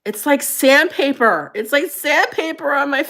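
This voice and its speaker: At a measured pace, a middle-aged woman hosts a casual livestream chat, animated and laughing often. When she quotes herself, her voice goes high and squealy.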